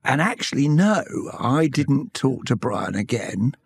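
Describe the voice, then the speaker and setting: A British man in his sixties, an interview guest telling candid stories from his life in a measured, reflective way. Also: mid-range voice, very animated, gravelly, slightly rough. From Britain. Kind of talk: reflective conversational storytelling.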